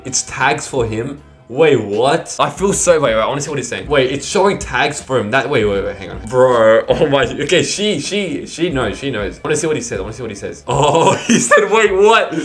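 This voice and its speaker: Man, gaming YouTuber, casual rambling commentary with stammers, mid-pitched, faint music under. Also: animated, brisk, hardly any pauses. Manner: rambling, stammering, repeats 'bro' constantly.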